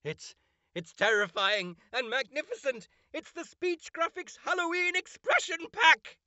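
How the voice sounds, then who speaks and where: A man voicing a hammy, theatrical character in a booming, exaggerated manner. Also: sing-song, a little slow, bright, forceful tone, no room sound, muffled recording, exaggerated voice. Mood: excited.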